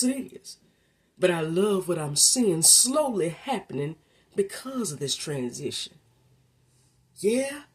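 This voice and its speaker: A woman giving a faith-based motivational talk, preacherly and colloquial, addressing the listener directly and swinging from hushed to emphatic. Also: lowish voice, breathy edge. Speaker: motivational speaker.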